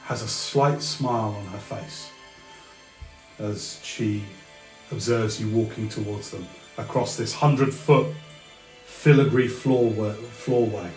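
A man narrating a tabletop game as game master, slow and descriptive, sometimes stopping to find a word. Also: on the low side, steady tone, a little mellow, roomy sound, soft background music, poor audio.

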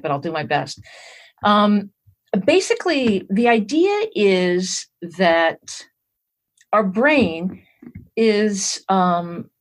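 A woman being interviewed as an expert, explaining ideas in an animated way and checking in with her listener as she goes. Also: on the low side. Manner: animated, explains step by step with "all right" check-ins. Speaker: guest expert on emotional intelligence.

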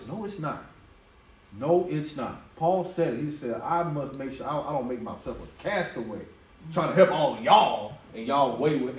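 A man preaches, his pitch leaping high and low as he laughs and acts out voices. He sits a little above the usual register for a man. The sound is roomy and distant, with a faint ambience behind. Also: slight background noise. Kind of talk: conversational sermon.

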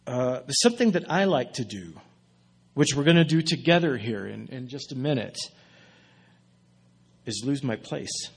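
Man, guest preacher, husky timbre, easygoing sermon with asides. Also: mid-range voice, unhurried, long pauses. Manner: relaxed, self-deprecating, with restarts and asides. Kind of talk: casual sermon.

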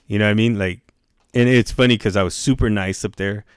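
A man in easy conversation recounts camp mishaps with heavy swearing and "bro" at every turn. His voice sits a bit low. The sound is dry and close, with no room around it. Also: fairly even intonation, fairly quick, smooth, dry recording. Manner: profane, slangy, keeps saying bro; acts out quoted yelling in raised voice. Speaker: guest, youth camp director. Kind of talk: casual storytelling chat.

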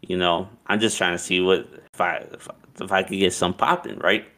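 A man's voice: low voice, a little fast. Laid-back man telling a wild story. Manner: animated, profane, acts out quotes with laughs. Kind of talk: casual storytelling chat.

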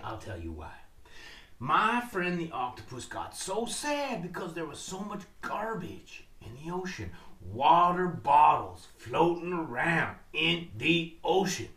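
Animated man telling a story. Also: a little high, takes it slowly, far from the mic. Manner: dramatic, calls out to listeners. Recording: roomy, from off mic.

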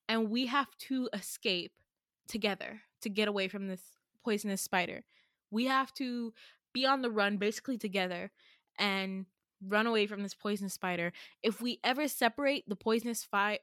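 A young woman hosting a podcast, telling a story in casual chat, animated and swearing freely as she acts out what people said. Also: fairly high pitch, no echo, clean studio sound. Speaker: podcast host.

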